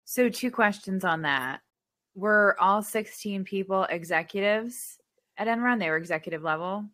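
A woman co-hosting a podcast, chiming in with curious questions and quick interjections. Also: mid-range voice, a bit bright. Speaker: podcast co-host. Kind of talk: casual chat, asking questions.

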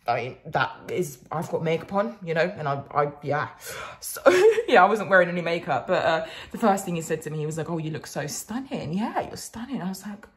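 A young woman from Finland with a Finnish accent, chatting casually in a vlog, swearing freely and laughing often. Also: lowish voice. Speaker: vlogger.

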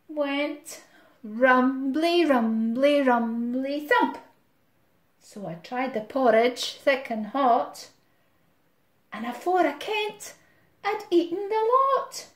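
A woman's voice: high voice, fairly even intonation, very slow, reverberant. A woman with a Scottish accent voicing a greedy, hungry fat male cat in a sing-song rhyming chant. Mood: boastful.

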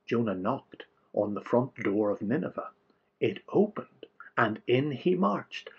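A man telling a story to children in an animated, playful, exaggerated way, on a dull lo-fi recording. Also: medium pitch, unhurried, creaky, breathy edge.

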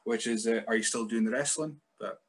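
A man's voice: mid-range voice, brisk, breathy edge. A Scottish man hosting a wrestling podcast, chatting casually in a rambling, self-mocking way. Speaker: podcast host.

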